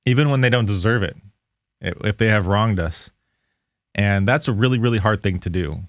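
A man's voice: fairly low pitch, no room sound. A man giving an informal devotional Bible lesson, explaining verses conversationally and correcting himself as he goes. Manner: conversational, restarts and self-corrections while explaining. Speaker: Bible teacher.

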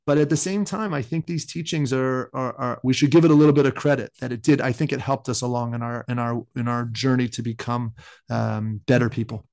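A man's voice: medium pitch, brisk, vocal fry. Rambling man musing on scripture. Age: adult, married. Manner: rambling, self-interrupting, animated. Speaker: podcast co-host. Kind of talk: casual conversation about scripture.

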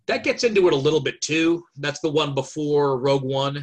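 A man's voice: a little high, a little fast. A man chatting on a podcast over a video call, talkative and thinking aloud with many fillers. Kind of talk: casual chat.

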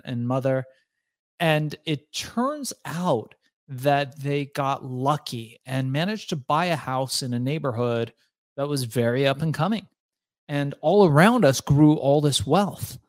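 Animated, swearing man telling stories. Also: medium pitch, dry recording, studio quality. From Iran. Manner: animated, swears freely, acts out voices in anecdotes. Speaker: guest, author. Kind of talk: casual interview storytelling.

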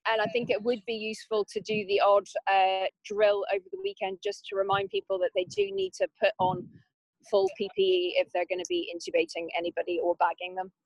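A woman leading a staff briefing over a call, talking in a brisk, directive way with frequent ums. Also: medium pitch, very animated, gravelly, dry recording, poor audio. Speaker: clinical team lead.

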